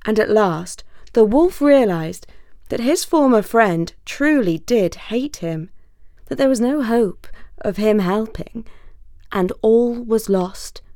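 Measured woman reading a fable. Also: mid-range voice, no echo, studio quality. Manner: measured, expressive storytelling. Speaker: storyteller. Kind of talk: scripted fable narration.

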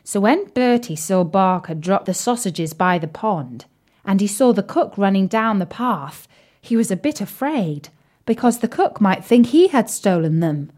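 A young woman telling a children's story in a playful, animated way, sometimes dropping to a whisper. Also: mid-range voice, a little slow.

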